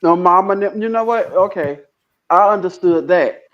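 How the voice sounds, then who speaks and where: A man with a rather high voice rambles through casual livestream chat, repeating phrases as he goes. The sound is dull and lo-fi. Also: moderate pace, fairly bright tone. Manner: rambling, repeats himself, laughs.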